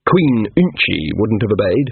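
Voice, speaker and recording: A man reading a novel aloud as an audiobook narrator, in calm, even storytelling. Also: fairly low pitch, moderate pace, creaky, slightly rough, no echo. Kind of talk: scripted narration. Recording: tinny phone-like, dry.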